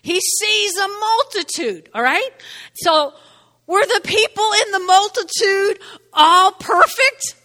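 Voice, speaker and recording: Woman pastor, high lively voice, chatty sermon delivery, hall echo. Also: slow pace. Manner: conversational, keeps asking "okay?".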